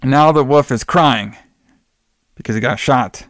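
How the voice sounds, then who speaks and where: A man's voice: mid-range voice, unhurried, fairly bright tone, no echo, clean studio sound. A man co-hosting a podcast, loosely and crudely retelling a film's plot. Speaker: podcast co-host. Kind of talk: casual movie recap.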